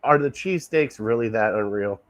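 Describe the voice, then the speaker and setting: A man's voice: fairly low pitch, lively intonation, brisk, no room sound. A man hosting a casual sports podcast, enthusiastic and laughing often, repeating himself. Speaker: podcast host.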